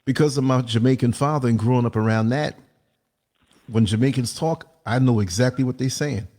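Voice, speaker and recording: A man hosting a casual livestream talk show, telling lively stories and often checking in with "you know what I mean". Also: medium pitch, fairly quick. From United States. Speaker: podcast host.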